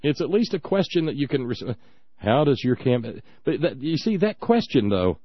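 Male talk radio host, lively sarcastic rant, dry and slightly dull mic. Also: medium pitch, normal speed, no room sound. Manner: indignant, sarcastic ranting.

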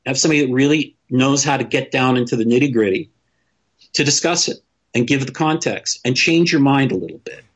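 A man's voice: medium pitch, fairly quick, breathy edge, lo-fi sound. A man talking in a casual podcast discussion, opinionated and blunt, swearing freely and restarting his sentences often.

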